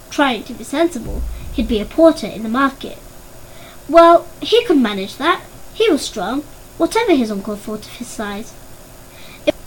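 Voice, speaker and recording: A woman narrating a story in an expressive audiobook reading style. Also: high-pitched, a little hiss or hum, poor audio.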